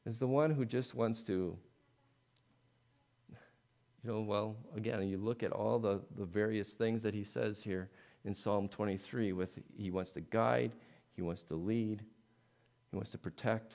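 A man's voice: fairly low pitch, creaky. Male pastor, sermon delivery, earnest, builds to pleading emphasis, eases back down. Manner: earnest, rising to emphatic pleading, then dropping soft.

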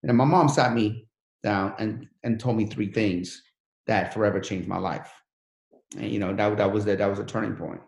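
A man's voice: lowish voice, fairly even intonation, normal speed, gravelly, echoey room. A man who came to the country as a refugee, telling his life story in an interview in an earnest, motivational way. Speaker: guest.

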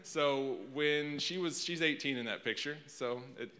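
A man preaches into a handheld microphone, his tone bright and forward. He is openly emotional and self-deprecating. A long reverb from the church hall trails his words. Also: fairly high pitch, measured pace. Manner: emotional, rambling, self-deprecating, warm to crowd. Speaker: guest preacher. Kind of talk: sermon opening. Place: church sanctuary before a congregation.

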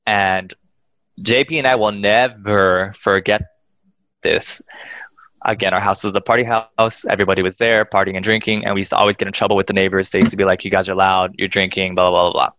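A man casually telling a ghost story on a podcast, animated, swearing freely and acting out the voices of the people in it. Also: deep voice, rapid-fire, hardly any pauses, no room sound, lo-fi sound.

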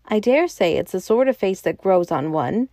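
A woman reading the lines of a huge, genial, riddling male president in a smooth, playful, mocking manner. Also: mid-range voice, expressive, moderate pace, mellow, no room sound, clean studio sound, natural voice.

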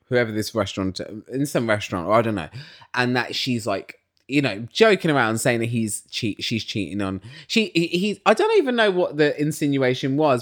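A British host chatting casually through a reality TV recap, ranting and gossiping with frequent swearing and laughter. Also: medium pitch. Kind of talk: casual solo recap chat.

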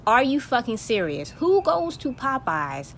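A woman's voice: a little high, big pitch swings, measured pace, fairly bright tone, slight background noise. A young woman hosting a podcast, ranting bluntly and profanely in a casual monologue. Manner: profane, blunt, heated storytelling. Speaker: podcast host.

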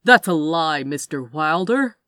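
A woman's voice: low-pitched, very animated, measured pace, dry recording, full character voice. Slick, salesman-like male villain, as a woman reader puts him on for a storybook reading; persuasive and falsely friendly, dry close sound. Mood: smooth.

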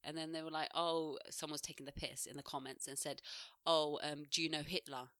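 A woman's voice: sits low, steady tone, a little fast, fairly bright tone, no room sound, studio quality. A woman co-hosting a podcast in casual chat, blunt and swearing freely, laughing often. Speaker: podcast co-host.

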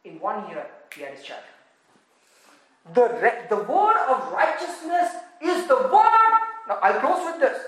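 A woman with an Indian accent preaching an impassioned sermon in a church, swinging from loud exclamations to hushed murmurs. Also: on the high side, very animated, measured pace, very echoey, low-quality recording. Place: church in Texas.

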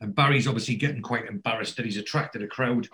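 Man animatedly retelling a story. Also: quick pace. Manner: storyteller who pops into higher, louder voices for quoted characters. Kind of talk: casual chat, retelling a TV episode.

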